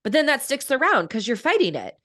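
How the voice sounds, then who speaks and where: A woman's voice: sits high, big pitch swings, a little fast, fairly bright tone, no echo, studio quality. A woman in her thirties, a coach and author, talking reflectively in a podcast interview and laughing often.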